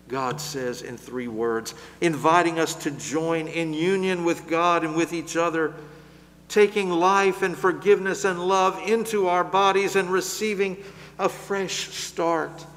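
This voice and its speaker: A man preaching a sermon in a slow, measured way, building louder through lists and then dropping to a soft, gentle close. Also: on the high side, long reverb tail, a little hiss or hum.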